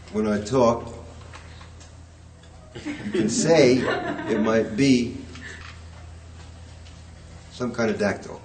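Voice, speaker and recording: A man's voice: mid-range voice, noisy background. A man lecturing a poetry class, rambling and hesitant, chanting rhythms aloud to show them. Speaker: poetry teacher.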